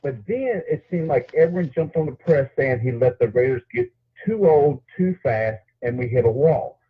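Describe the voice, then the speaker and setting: Older male caller, friendly, husky voice over a tinny phone line. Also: medium pitch, lively intonation, normal speed.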